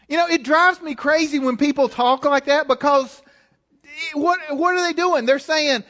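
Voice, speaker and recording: High-voiced man preaching a conversational sermon. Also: animated, moderate pace, pushed and bright. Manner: conversational, emphatic exhortation.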